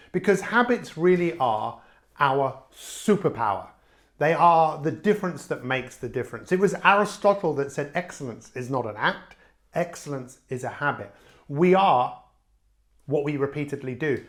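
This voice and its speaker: Man, middle-aged, life coach, motivational talk, emphatic delivery, voice on the high side. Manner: emphatic, with big swings in pitch and loudness.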